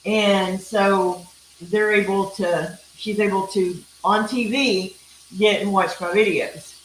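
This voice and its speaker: A woman's voice: medium pitch, steady tone, slow pace. A middle-aged woman with a Texan accent hosts a live cooking stream. She talks in a chatty, folksy way and drifts into rambling asides. The room is echoey, with a faint hiss underneath. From Texas. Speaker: cooking show host. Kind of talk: casual live-stream chat while grilling.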